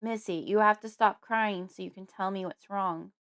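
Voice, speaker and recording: A woman's voice: medium pitch, steady tone, moderate pace, close to an everyday voice. A woman voicing a worried father who comforts his daughter and calls out desperately in an audiobook. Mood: anxious. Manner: pleading, loud calls. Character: worried grieving father, tender then desperate. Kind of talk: audiobook character voice.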